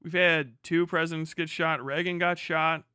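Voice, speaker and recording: A man's voice: fairly high pitch, little pitch movement, moderate pace, bright, forceful tone, smooth, no room sound, clean studio sound. A young American man hosting a livestream, ranting in casual, profane, sarcastic commentary with frequent laughter. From United States. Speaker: livestream host.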